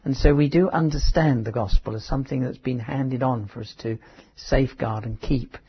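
A man preaching a conversational Bible teaching, halting, with restarts and asides. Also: medium pitch, a little hiss or hum. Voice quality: very husky. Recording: dull lo-fi sermon recording.

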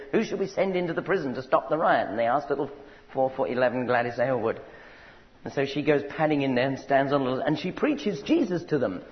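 A man preaching a sermon, telling stories and asking the congregation if they follow him. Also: medium pitch. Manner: storytelling, conversational asides to the congregation. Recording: dull recording with long hall reverb.

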